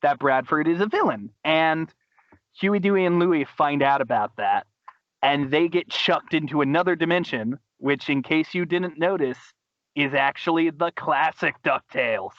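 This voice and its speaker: A man's voice: fairly high pitch, moderate pace, no room sound. Enthusiastic man recapping on a dull mic. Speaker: podcast host. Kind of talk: casual chat.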